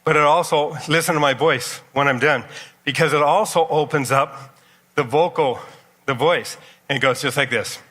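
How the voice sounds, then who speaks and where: An expo presenter coaches volunteers through exercises during an energetic live demonstration in a large hall. His voice is on the high side, pushed and bright, at a moderate pace. The audio is distant and echoey.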